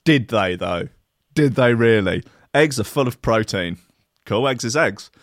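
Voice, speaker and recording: A man's voice: mid-range voice, animated, a little slow, no room sound, clean studio sound. A man hosting a show, reading odd news with sardonic, mock-outraged asides and lots of filler. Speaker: host. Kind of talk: comic news-reading riff.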